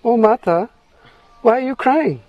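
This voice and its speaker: A devoted young calf begs its mother to let it die in her place, as a man telling the tale puts it on. The voice sits high and earnest, with "no, no" pleas. The sound is dry and close. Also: lively intonation, a little slow, no room sound, highs cut off, heavily acted. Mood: pleading. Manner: earnest, repeating "no, no".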